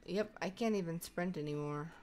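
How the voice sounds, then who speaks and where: A woman's voice: lowish voice, normal speed, darkish tone, a little hiss or hum. A young woman giving casual let's-play commentary, chatting to the animals in her game as if they were her kids. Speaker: gaming YouTuber.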